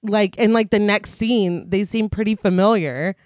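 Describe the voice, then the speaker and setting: A podcast co-host chatting casually about a film, agreeable and quick to laugh. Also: medium pitch, no echo, studio quality. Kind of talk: casual chat.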